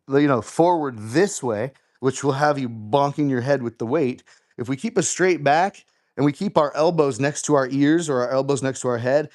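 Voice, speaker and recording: A middle-aged man hosting a live workout show, casually coaching and counting reps aloud, a little out of breath as he exercises. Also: mid-range voice. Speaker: fitness show host.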